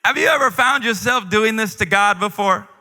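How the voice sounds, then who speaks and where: A male pastor with a high, bright voice delivers an animated, joking sermon. His words ring out with the long reverb of a large church auditorium. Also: moderate pace. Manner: animated, humorous storytelling.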